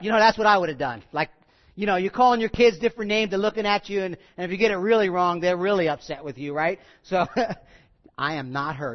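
A man preaching a sermon as pastor, emphatic and repetitive, putting questions to his listeners and moving between hushed and loud delivery. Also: high voice, expressive, fairly quick, muffled recording. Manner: conversational, asks the congregation questions.

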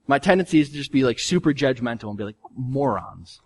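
A male pastor preaching a sermon in an earnest, conversational way, his voice swinging from soft to loud. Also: medium pitch, lively intonation, racing.

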